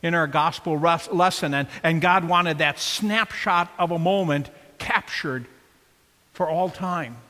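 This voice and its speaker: Male pastor, sermon delivery, unhurried, emphatic and questioning, reverberant church hall. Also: fairly high pitch, sharp tone.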